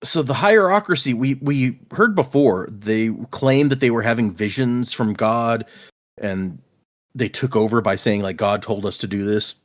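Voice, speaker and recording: A man's voice: medium pitch, a little slow. A man co-hosting a casual book discussion podcast, animatedly retelling scenes and paraphrasing characters. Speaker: podcast co-host.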